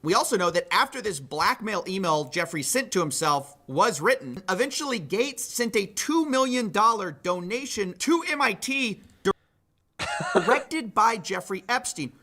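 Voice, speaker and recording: A man's voice: high voice, big pitch swings, normal speed, bright, forceful tone. A man hosting a commentary show, reading out reports and quotes with sardonic asides. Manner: sardonic, reads quotes aloud. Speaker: commentary host.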